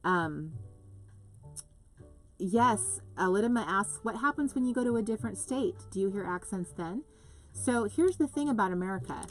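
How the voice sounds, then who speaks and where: A woman's voice: mid-range voice, animated, normal speed, soft background music. A woman from the US West Coast hosting a live craft stream, chatting casually and reading out viewer comments in a rambling, gushing way.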